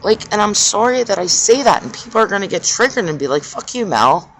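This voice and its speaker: A spiritual speaker giving an impassioned, preachy monologue. The speaker swears freely and repeats phrases in a drawn-out cadence. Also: mid-range voice, lively intonation, fairly bright tone, slight background noise.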